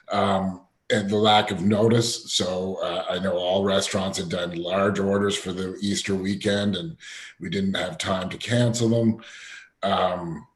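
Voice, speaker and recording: Low-voiced restaurant guy, weary and measured, echoey room. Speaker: restaurant owner. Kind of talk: meeting remarks.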